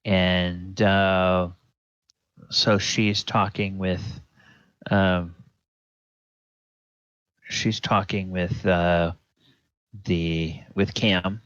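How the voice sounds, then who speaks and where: Man running a tabletop game, unhurried, hesitant, dry dull lo-fi sound. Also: low voice, little pitch movement, a bit bright, clean tone, dry recording. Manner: hesitant, full of fillers and restarts. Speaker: dungeon master.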